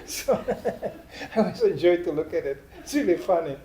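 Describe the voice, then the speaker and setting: Older male preacher, humorous storyteller, mellow voice, room echo. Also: high voice, moderate pace. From Czechoslovakia. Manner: animated storyteller, acts out comic voices. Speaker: spiritual teacher. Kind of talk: humorous sermon. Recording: roomy hall echo.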